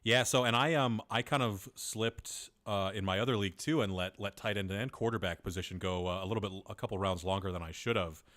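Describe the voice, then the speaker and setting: A man's voice: on the low side, a little fast, hardly any pauses, a bit bright. A man co-hosting a casual sports podcast, talking things through analytically with offhand swearing. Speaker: podcast co-host.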